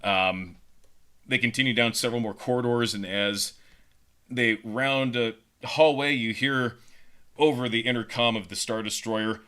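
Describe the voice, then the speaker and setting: A man co-hosting a podcast, pitching a story casually with lots of fillers and repeated words. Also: fairly even intonation, unhurried, sharp tone, smooth. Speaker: podcast co-host.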